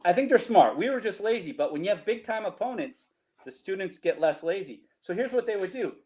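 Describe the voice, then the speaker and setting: A middle-aged man with a New Jersey accent tells tailgating stories over slides in a casual, animated way, often laughing and tagging lines with "right?". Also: sits high, a little fast, low-quality recording. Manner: animated, laughing, repeats himself, rhetorical "right?". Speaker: storyteller guest.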